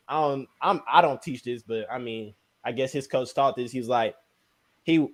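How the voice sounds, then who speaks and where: A young man, a podcast guest, telling a basketball injury story in casual, slangy, animated speech. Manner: animated, slangy, sound words like "boom, bam".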